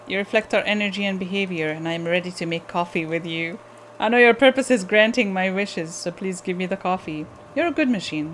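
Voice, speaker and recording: While playing a video game, a woman reads the on-screen text aloud, breaking off for blunt swearing and quick asides. Her voice is medium in pitch, and a little hiss or hum can be heard.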